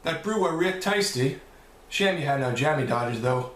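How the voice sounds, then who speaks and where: A man's voice: a little high, expressive, moderate pace, fairly bright tone, echoey room, recorded from a distance, slight background noise. A man putting on a clumsy fake British accent. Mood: mock posh. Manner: exaggerated attempt at a British accent.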